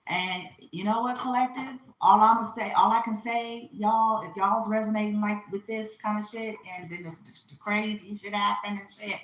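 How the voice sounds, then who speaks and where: A woman's voice: medium pitch, fairly even intonation, normal speed, few pauses, a little hiss or hum. A woman giving a spiritual reading in a casual, profane and emphatic rant full of repetition. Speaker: spiritual reader. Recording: roomy echo.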